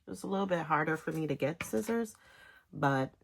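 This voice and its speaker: A woman giving a casual step-by-step knitting tutorial, talking in halting phrases with pauses between them. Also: low voice, lively intonation, gravelly. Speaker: knitting instructor.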